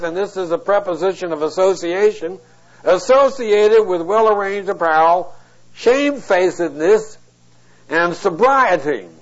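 A high-pitched middle-aged male preacher works through a verse word by word, tossing in wry, blunt asides. The audio is muffled and lo-fi, like an old tape of a sermon. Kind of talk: expository sermon. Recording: dull lo-fi tape recording.

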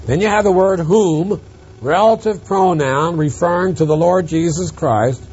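A man preaching an expository Bible lesson, emphatic, rising on stressed words and dropping quiet on asides. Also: high-pitched, normal speed, breathy edge, highs cut off. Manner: emphatic, swings from loud stresses to quiet drops.

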